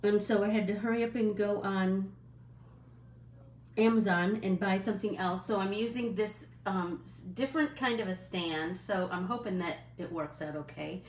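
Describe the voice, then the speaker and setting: A middle-aged woman hosting a casual live stream, chatting in a friendly, rambling way with many fillers and quick apologies. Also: medium pitch, a little mellow, reverberant, a little hiss or hum.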